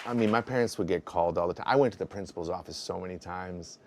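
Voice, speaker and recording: A man's voice: sits low, fast talker, a crowd in the background, noisy background. Man telling a wry stand-up story.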